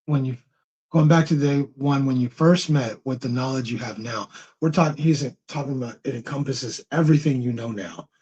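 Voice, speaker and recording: Blunt man, husky lo-fi voice. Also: medium pitch, normal speed, a little mellow. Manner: blunt, repeats himself to press a point. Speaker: co-host of a live Q&A stream. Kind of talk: casual live-stream chat. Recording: dull lo-fi stream audio.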